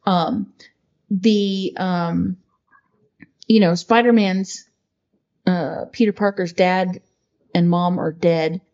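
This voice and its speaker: A woman's voice: lowish voice, fairly even intonation, slow, long pauses, darkish tone. Woman cohost chatting earnestly, rambly, kinda muffled lo-fi audio. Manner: earnest, heartfelt, rambling with fillers. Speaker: podcast co-host. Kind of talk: casual chat.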